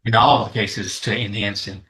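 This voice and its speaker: A man's voice: on the low side, steady tone, normal speed, bright, forceful tone, poor audio. A man acting as prosecutor in a courtroom, formally and deferentially explaining his filings to the judge. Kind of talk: courtroom proceedings.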